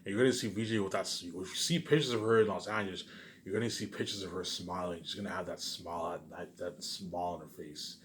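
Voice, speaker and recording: Man, channel host, rapid rambling monologue, repeats himself constantly, swears a lot, somewhat low voice. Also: steady tone, a little hiss or hum. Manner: repetitive, fills nearly every sentence with "obviously" and "you know what I'm saying"; profane, emphatic and grandiose. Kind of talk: rambling solo monologue to viewers.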